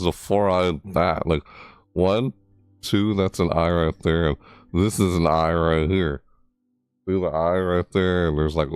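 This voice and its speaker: A young man with a very low voice streams a live reaction, rambling excitedly and laughing as he goes. The sound is dry and close, with no room echo. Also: clean tone.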